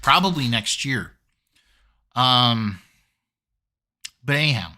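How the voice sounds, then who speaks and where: A man's voice: medium pitch, animated, slow, pushed and bright. A man giving a casual solo review of a wrestling show, chatty with lots of fillers and easy laughs.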